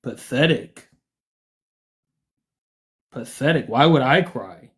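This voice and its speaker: A man's voice: mid-range voice, animated, takes it slowly, a bit bright. A man from the United States hosting a livestream, arguing with callers in a combative, mocking way. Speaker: livestream host. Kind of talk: heated livestream argument.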